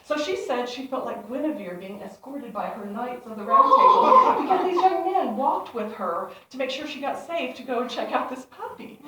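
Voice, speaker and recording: A woman with a high voice gives a playful, inspirational talk to a congregation in a church hall, telling stories, laughing, and acting out voices. She stands away from the mic, so the hall sounds echoey and there's background noise.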